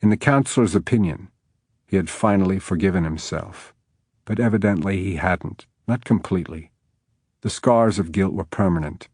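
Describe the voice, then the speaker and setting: A man reading an audiobook in steady, even scripted narration on a close studio mic. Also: deep voice, normal speed, breathy edge, dry recording.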